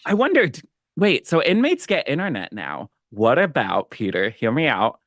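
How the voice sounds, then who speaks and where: A man trading jokes on a comedy panel, playful and quick to laugh. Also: mid-range voice, wildly swooping pitch, a bit bright, dry recording. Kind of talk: joking banter.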